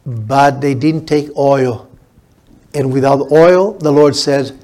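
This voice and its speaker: A man's voice: medium pitch, slow, mellow. A man preaching a sermon as pastor, emphatic and repetitive, building up his points.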